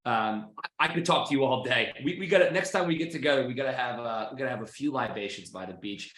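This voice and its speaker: A man's voice: mid-range voice, fast talker, fairly bright tone. A male podcast host from Boston, effusive and friendly, with plenty of filler words as he wraps up and thanks his guest. His voice carries a noticeable roomy echo. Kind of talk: casual interview chat.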